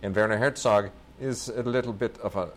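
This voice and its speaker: Low-voiced man rambling on a podcast. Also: steady tone, fairly quick, slight background noise. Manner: enthusiastic, rambling, self-mocking. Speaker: podcast co-host. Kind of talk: casual chat about home video releases.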